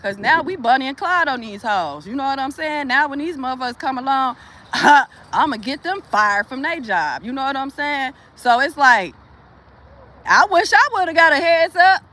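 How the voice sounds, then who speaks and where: A woman's voice: sits high, lively intonation, normal speed, sharp tone. A woman vlogger venting in a casual, profane monologue, laughing often, with speech.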